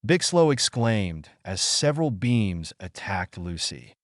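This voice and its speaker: Male narrator for fan story reading; animated delivery, dry. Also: medium pitch, moderate pace, dry recording. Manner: storytelling, reads all parts.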